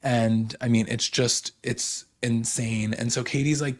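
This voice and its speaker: A man's voice: mid-range voice, flat delivery. A young man hosting a casual recap, gossiping about reality TV and paraphrasing what others said, with lots of "like" and "you know". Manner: gossipy, quotes others in quick paraphrase, many fillers. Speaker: podcast host recapping reality TV.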